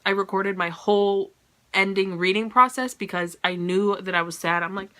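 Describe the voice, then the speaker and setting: A woman's voice: mid-range voice, fairly even intonation, normal speed, sharp tone. A woman giving a casual, chatty book review, gushing and scattered with "like" and "you know".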